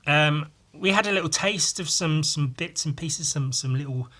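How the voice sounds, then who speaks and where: On his podcast, a man talks alone in a sharp-toned, higher-than-average voice at normal speed. His delivery is loose and rambling, peppered with swearing and frequent self-interruptions.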